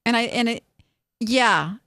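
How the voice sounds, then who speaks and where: A woman whose voice is on the high side speaks at a slow pace in a clean, dry studio recording. On her casual live stream, she looks over online sales listings and gives frank, chatty, animated advice, frequently starting over.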